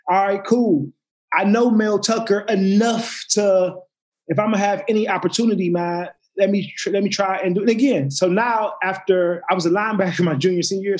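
Guy with a kinda high voice telling football stories, lots of restarts and swearing. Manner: animated, acts out quotes, lots of restarts and swearing. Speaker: podcast guest, former football player. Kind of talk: casual storytelling.

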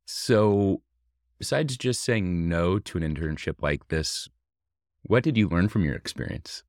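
Very low-voiced male podcast host. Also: lively intonation, measured pace, a little mellow, no room sound, studio quality. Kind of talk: casual interview.

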